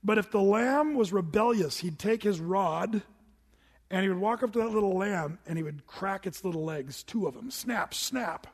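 A man's voice: sits high, moderate pace, darkish tone. A man preaching a sermon to a congregation, telling stories in a conversational way and asking them questions. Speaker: pastor. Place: church hall with congregation. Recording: long hall reverb from a church room.

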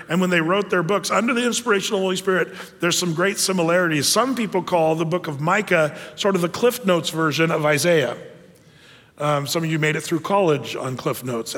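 High-voiced male pastor in an echoey hall. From United States. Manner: conversational, animated with frequent fillers. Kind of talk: sermon.

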